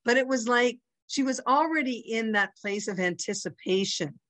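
A woman's voice: on the high side, moderate pace, fairly bright tone, dry recording. A woman with a Canadian accent teaching an informal religious lesson in a conversational way, often checking in with her listeners. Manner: conversational, checks in with "right?" and "you know". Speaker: Torah class teacher.

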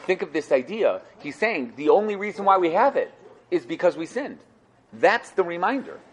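A man's voice: sits high, big pitch swings, normal speed, breathy edge. A man teaching a Torah class, explaining sources to students with rhetorical questions and repeated phrases. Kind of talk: lively explanatory class talk.

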